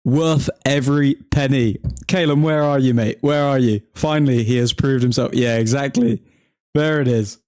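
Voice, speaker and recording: A man's voice: mid-range voice, moderate pace, darkish tone. A man hosting a football watchalong, reacting live to the match in chatty fan talk full of slang. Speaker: watchalong host.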